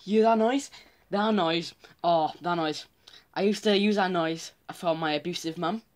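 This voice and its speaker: A man's voice: high voice, moderate pace, a little hiss or hum. A teenage boy chats casually as a vlogger, reacting to his own old videos. He pokes fun at himself, half laughing and half groaning, in a loose, chatty way. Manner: self-mocking, chatty.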